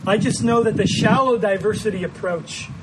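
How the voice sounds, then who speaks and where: A man from the American Midwest with a Midwestern accent, preaching an earnest, measured sermon as pastor and often repeating words as he finds his phrasing. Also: sits high, heavy background noise. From Midwestern United States.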